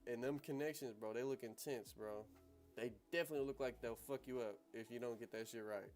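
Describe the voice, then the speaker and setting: A man's voice: mid-range voice, a little fast, a little mellow, faint music behind. A young man hosting a livestream on trading, talking casually in slang and laughing often.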